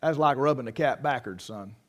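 A man's voice: medium pitch, a little fast. A man preaching a folksy sermon, telling homespun stories and sayings and often restarting his sentences. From United States. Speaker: pastor.

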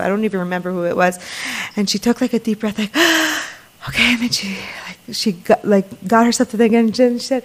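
A young adult woman telling a personal story about her late mother in an earnest way, with many fillers and repeated words. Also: medium pitch.

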